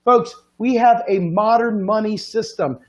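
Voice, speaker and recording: American man, high voice, earnest pleading host, rhetorical questions. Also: measured pace. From United States. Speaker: livestream host. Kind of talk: earnest political appeal.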